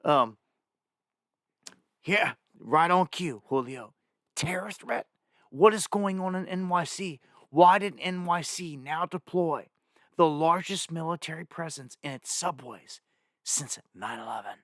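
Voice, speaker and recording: A man hosting a live stream speaks urgently and with heavy emphasis, addressing his viewers directly. His voice sits a little high for a man. The sound is dry and close, with no room echo. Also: measured pace, fairly bright tone. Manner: reads place lists off the screen. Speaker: live news show host.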